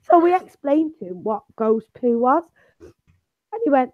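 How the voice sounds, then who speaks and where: A woman's voice: high voice, very animated, measured pace, phone-quality sound. A woman co-hosting a casual stream chat, telling anecdotes and laughing often while unwell. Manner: chatty storyteller, laughs often. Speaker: stream co-host.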